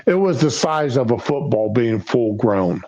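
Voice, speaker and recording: A man hosts a casual talk stream, speaking at a slow, drawn-out pace. He is folksy and answers his own rhetorical questions. The audio is dull and lo-fi. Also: mid-range voice, lively intonation, darkish tone. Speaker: livestream show host. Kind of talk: casual political chat.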